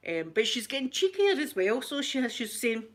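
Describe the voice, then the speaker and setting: A middle-aged woman with a Scottish accent, hosting a casual live chat, chatty and quick to laugh, often repeating herself. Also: on the high side, big pitch swings. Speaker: livestream host.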